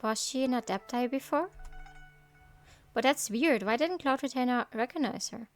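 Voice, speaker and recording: A woman's voice: on the high side, moderate pace. A woman casually commenting aloud on a game story, reacting emotionally. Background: game music.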